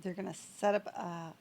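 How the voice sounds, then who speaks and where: A woman's voice: fairly low pitch, creaky, a little mellow, slight background noise. A woman game streamer chatting casually on a live stream, laughing often and greeting viewers in chat as she plays.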